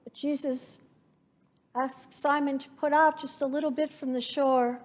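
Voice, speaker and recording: A woman pastor preaching a sermon, slow and reflective, painting scenes from scripture for her congregation. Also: high voice, flat delivery, a little mellow.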